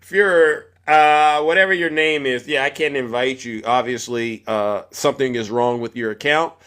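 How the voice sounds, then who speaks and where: A man's voice: mid-range voice, normal speed, a bit bright, clear, resonant tone. A man hosting a political live stream, combative and mocking, often raising his voice at chat viewers.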